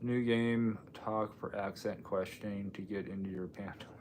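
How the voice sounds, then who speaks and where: A man's voice: on the low side, steady tone, moderate pace, a little mellow, slight background noise. A man from Washington State hosting a casual live stream, rambling and joking while answering viewer comments. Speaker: livestream host.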